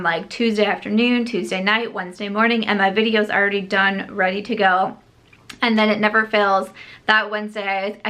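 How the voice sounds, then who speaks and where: A woman beauty vlogger talks straight to camera in an easy, chatty way. Her voice is bright and forward, set at an ordinary pitch for a woman. She gushes excitedly, piles on the filler "like", and corrects herself as she goes. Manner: frequent filler "like" and self-corrections. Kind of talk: casual chat to camera.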